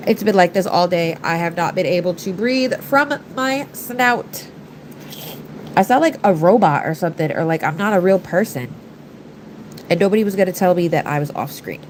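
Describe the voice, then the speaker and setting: A woman's voice: medium pitch, slight background noise, poor audio. A woman hosting a nail art live stream, talking in a chatty, rambling way through a stuffed-up, nasal voice. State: congested, nasal. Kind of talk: casual live-stream chat.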